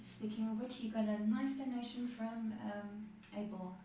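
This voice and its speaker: A woman's voice: on the high side, steady tone, moderate pace, warm tone. Distant, echoey woman moderator. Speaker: co-host and chat moderator. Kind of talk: reading viewer questions, casual chat. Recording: distant, very echoey mic with background noise.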